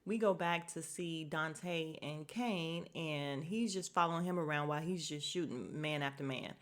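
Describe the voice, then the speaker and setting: A woman hosting a casual podcast, recapping a TV drama episode in an animated way, swearing freely and laughing as she retells scenes. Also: low voice, normal speed. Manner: laughs often while recounting.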